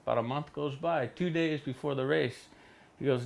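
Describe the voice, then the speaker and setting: A middle-aged man from Hawaii, telling stories in a studio interview with animated delivery, jumping into voices for quoted people. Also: normal speed, gravelly. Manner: animated, acts out quotes with big pitch jumps. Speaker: interview guest. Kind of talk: storytelling in a casual interview.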